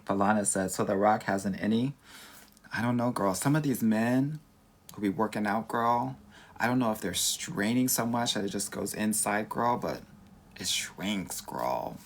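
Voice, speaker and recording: Sassy Valley-accented man with gravelly fry. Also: fairly low pitch, a little slow. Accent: Southern California, Valley girl. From Southern California. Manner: sassy, campy, calls everyone girl. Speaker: dating coach. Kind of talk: casual livestream chat reading comments.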